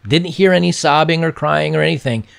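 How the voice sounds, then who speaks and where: Reaction host, male, gravelly voice, sarcastic and casual. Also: fairly high pitch, brisk. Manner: sarcastic and mocking. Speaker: reaction video commentator. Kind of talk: casual commentary.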